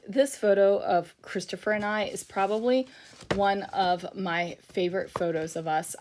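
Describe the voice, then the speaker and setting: A woman's voice: mid-range voice, darkish tone. A middle-aged woman chatting casually in a voiceover for her scrapbooking video, tired and rambling, with frequent fillers and yawns. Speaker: scrapbooking YouTuber.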